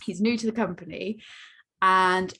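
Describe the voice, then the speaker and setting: American woman, podcast co-host, casual rambling talk, middle pitch. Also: steady tone, a little slow, pushed and bright, husky. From United States. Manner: rambling, heavy use of "like". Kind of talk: casual chat.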